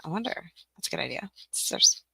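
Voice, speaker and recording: A woman's voice: fast, sharp tone, dry recording. A young adult woman hosting a casual live-stream tutorial, chatting to herself as she works, joking at her own expense and laughing often. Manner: chatty, self-mocking, talks to herself while working, laughs often. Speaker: teacher-resource creator hosting a live stream.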